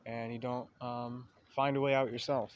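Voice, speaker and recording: A man's voice: medium pitch, little pitch movement, normal speed, dull audio. A man in a casual, rambling monologue, swearing freely and meandering through a running metaphor with self-aware asides.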